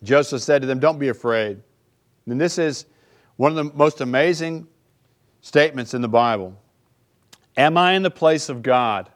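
A man's voice: mid-range voice, moderate pace, long pauses. A male pastor preaching a sermon in a conversational way, often checking in with the listeners by asking "right?".

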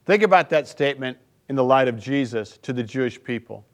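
A man's voice: mid-range voice, animated, fairly quick, highs cut off. A male pastor preaching a sermon in a conversational way, often checking in with the listeners by asking "right?".

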